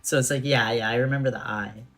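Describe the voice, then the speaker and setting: Young woman streaming a game, super deep voice, chatty and slangy, laughs a lot. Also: fairly even intonation, fast talker, a bit bright, faint music behind. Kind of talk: casual gameplay commentary.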